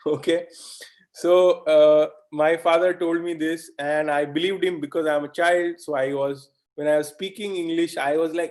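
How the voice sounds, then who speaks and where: A man from India teaching a live online lecture in a conversational way, often checking in with "okay?" and asking the audience questions. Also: fairly high pitch. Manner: animated, mimics fast talkers in asides. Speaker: webinar instructor.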